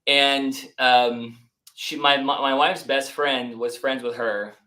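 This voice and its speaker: A man's voice: medium pitch, slow, poor audio. Chatty young man telling stories. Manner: animated, acts out quotes, says "like" and "dude" often. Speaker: business founder, podcast guest. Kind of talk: casual interview storytelling.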